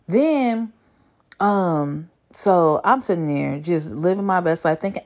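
A woman in her thirties tells a rambling story with plenty of animation. Her voice sits slightly low, and she swears casually as she goes. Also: unhurried. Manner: animated, chatty, swears freely. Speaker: vlogger.

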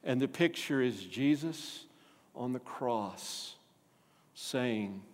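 A man's voice: medium pitch, very slow. Preaching man in a reverberant hall. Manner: animated, asks the congregation questions. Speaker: pastor. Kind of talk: sermon.

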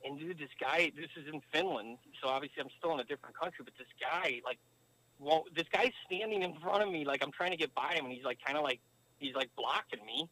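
A man's voice: a little high, fast talker, bright, forceful tone, poor audio. A man, a former pro hockey player, telling a long story as a podcast guest, with lots of fillers and rambling asides. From United States. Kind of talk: casual storytelling interview.

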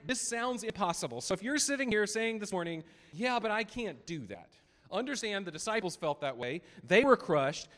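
High-pitched guy preaching in a church, slows down hard on the verses, big echoey hall. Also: a bit bright. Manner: earnest, emphatic preaching with slow stressed quotes. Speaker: pastor. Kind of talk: sermon. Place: church sanctuary. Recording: long hall reverb.

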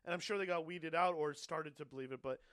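A man co-hosting a podcast in casual chat, relaxed and explaining at length. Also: fairly high pitch, quick pace, clear, resonant tone, dry recording, clean studio sound. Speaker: podcast co-host.

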